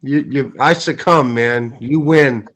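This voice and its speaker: A man's voice: mid-range voice, slow pace, a bit bright. A man chatting casually on a group video call about flying model planes at a contest, laid-back and swearing now and then. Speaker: contest pilot.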